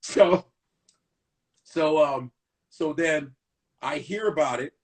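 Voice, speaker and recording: Comedian, middle-aged man, animated storyteller who acts out every quote, slightly high voice. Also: takes it slowly. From Chicago. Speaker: comedian guest. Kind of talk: casual storytelling chat.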